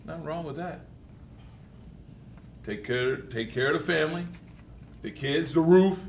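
A man teacher running a classroom wrap-up, joking with students and loudly repeating their answers. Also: a little high, measured pace, gravelly, slight background noise.

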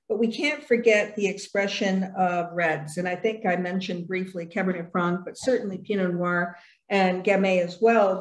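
Woman wine expert on a webinar; eager, chatty delivery, room echo. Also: medium pitch. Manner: enthusiastic, talky, with many fillers like "you know". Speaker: master sommelier, webinar co-presenter. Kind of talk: casual seminar presenting over video call.

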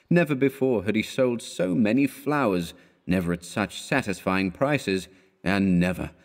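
Low-voiced male audiobook narrator. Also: a little mellow. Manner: measured, lifts his pitch for quoted characters. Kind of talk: scripted narration of a classic horror story.

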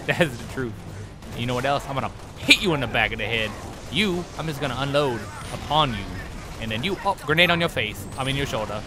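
A man giving goofy, excitable let's play commentary, trash-talking the game as he plays. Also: medium pitch, a little fast, over music. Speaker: gaming host. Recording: noisy game-audio mix. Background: game sound effects and vehicles.

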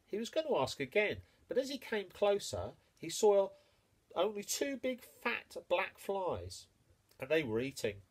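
A man reading a children's picture book aloud, expressive and playful with the sound words. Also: on the high side, unhurried, breathy edge. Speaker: storyteller.

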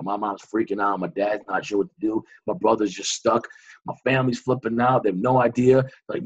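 A man, a guest on an interview show, recounting a dramatic personal story with vivid, animated reenactments. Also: mid-range voice, a little fast, husky, muffled recording.

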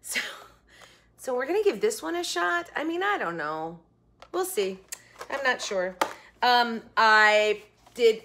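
A woman's voice: a little high, big pitch swings, takes it slowly, long pauses, sharp tone. A young woman chatting casually in her home kitchen as she reviews food, rambling with giggly asides. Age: young adult. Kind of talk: casual chat.

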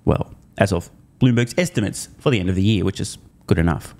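A man's voice: low voice, fairly quick, darkish tone. A man hosting an investing commentary video, sarcastic and emphatic, swearing at forecasters as he reads through a report. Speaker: host.

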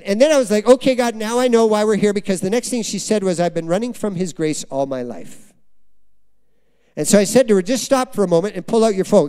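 Guest preacher, middle-aged man, mellow but high-pitched, storytelling sermon style. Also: smooth. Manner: animated, asks the congregation questions. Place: church before a congregation.

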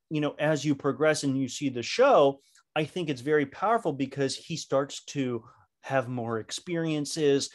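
A man leading a live online training session over a video call. He talks in an animated way, with frequent fillers and restarts. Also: medium pitch. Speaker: leadership trainer.

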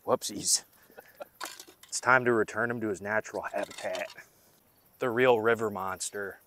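A man's voice: on the low side, fairly even intonation, a little slow, pauses often, sharp tone, slight background noise. A young man hosting a fishing vlog, joking and rambling to his viewers while he fishes by a river at night. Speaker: fishing vlogger. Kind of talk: casual vlog narration.

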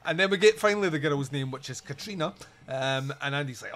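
A man's voice: mid-range voice, expressive, fairly quick, a bit bright. A man hosting a podcast, recapping a movie in casual chat, joking and laughing often. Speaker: podcast host.

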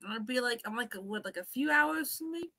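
A woman's voice: a little high, lively intonation, moderate pace, pushed and bright, no room sound. A woman from California, a guest on a live stream, talking bluntly with slang and swearing. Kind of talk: casual live-stream chat.

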